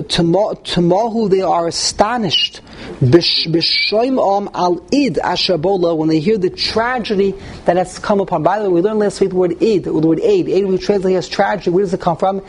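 A man's voice: high-pitched, moderate pace, a little hiss or hum, low-quality recording. A man teaching a text-study class, reading passages aloud and translating them as he thinks aloud. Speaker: Torah teacher.

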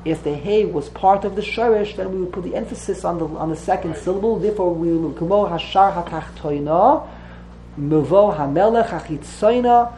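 A woman's voice: lowish voice, fairly quick, dark tone, low-quality recording. A woman teaching a religious text class to students, explaining patiently and often repeating and correcting herself.

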